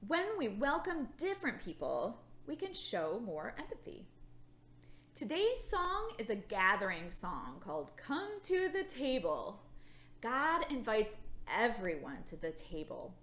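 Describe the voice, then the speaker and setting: Slow, lively woman teaching children. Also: fairly high pitch. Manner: slow, animated and playful, with yawns. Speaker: children's church leader. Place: church. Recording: echoey room.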